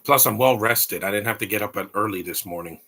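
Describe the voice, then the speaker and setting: Blunt, bright-voiced male movie commentator. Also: on the low side, fast talker. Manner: rambling, opinionated, blunt asides. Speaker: live movie commentary host. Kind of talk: casual live movie commentary.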